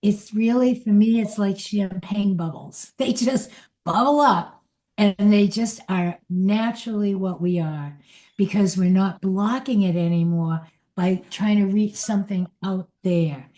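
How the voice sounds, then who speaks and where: An older woman giving an inspirational spiritual talk in a gentle, unhurried and reflective way. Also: mid-range voice. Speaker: spiritual teacher.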